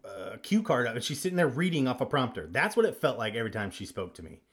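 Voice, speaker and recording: A man's voice: mid-range voice, sing-song, fast talker, husky. A man co-hosting a podcast in casual movie talk, giving blunt and dismissive opinions. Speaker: podcast co-host. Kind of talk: casual movie review chat.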